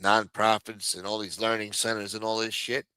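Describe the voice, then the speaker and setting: Male stream host, smooth resonant voice, dry close sound, heated and profane. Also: lowish voice, little pitch movement, normal speed, sharp tone, no room sound. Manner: heated, profane, repetitive, then apologetic. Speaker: livestream host. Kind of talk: profane political rant on a stream.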